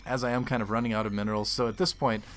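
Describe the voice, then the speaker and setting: A man's voice: medium pitch, steady tone, racing, fairly bright tone, slight background noise. Self-mocking man casting his own game. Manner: rambling, frequent restarts and groans at his own play. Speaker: game caster. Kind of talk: self-deprecating replay commentary.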